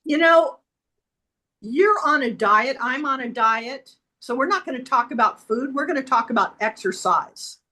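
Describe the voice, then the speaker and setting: A woman at a club meeting giving an unhurried impromptu talk, explaining things simply. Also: high-pitched, lively intonation, bright, forceful tone. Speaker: meeting participant. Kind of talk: impromptu speech.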